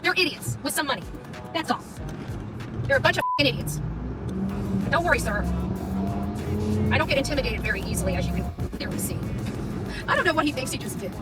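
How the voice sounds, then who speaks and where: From her car in traffic, a live streamer with a very high voice heatedly confronts someone in a quick, combative rant, repeating taunts with lively intonation. The mic is distant since she sits a little back from the phone, and clear music plays in the background.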